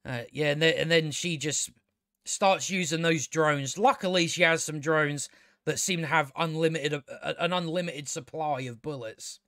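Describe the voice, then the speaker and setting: A man's voice: a little high, normal speed, a bit bright, no room sound, clean studio sound. A man giving a casual, sarcastic and exasperated spoken review of a TV show, swearing often.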